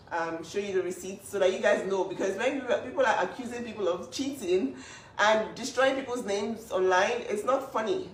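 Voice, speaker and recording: Woman defending her sister on camera, forceful and indignant, recorded at a distance in a reverberant room. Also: mid-range voice. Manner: emphatic, indignant, restarts often. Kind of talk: emotional vlog statement. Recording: echoey room, distant mic, faint noise.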